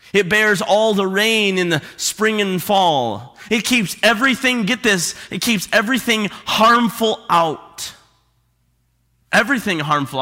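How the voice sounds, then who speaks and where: A man preaching a sermon as pastor, stressing and repeating key phrases slowly for emphasis. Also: high voice, pushed and bright. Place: church sanctuary. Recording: long hall reverb.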